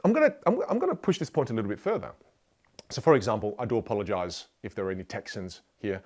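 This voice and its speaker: Animated male communication coach. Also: fairly low pitch, fast. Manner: animated, playful, direct address to the listener. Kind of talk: motivational lesson.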